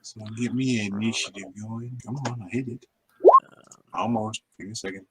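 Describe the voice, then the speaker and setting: A man playing in a tabletop game, talking in a flustered, hurried way. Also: lowish voice, steady tone, crowd noise, rough recording. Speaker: player.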